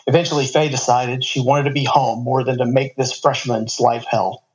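A man's voice: medium pitch, flat delivery, normal speed, low-quality recording. Man reading a story aloud. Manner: casual asides between passages.

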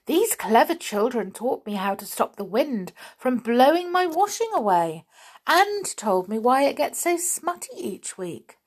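A woman voicing an eager, simple-minded female creature who talks quickly. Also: a little high, sing-song, slightly rough, voice pushed up, exaggerated voice.

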